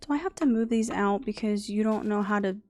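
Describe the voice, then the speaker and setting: A woman's voice: medium pitch, fairly quick, a little mellow, soft background music. A young adult woman streaming a game, chatting casually, muttering to herself and scolding the game's animals. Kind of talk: casual gameplay chat.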